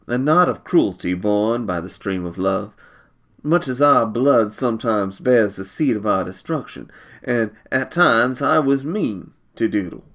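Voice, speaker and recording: A man reading a short story aloud, measured and unhurried. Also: fairly low pitch, creaky, a bit bright.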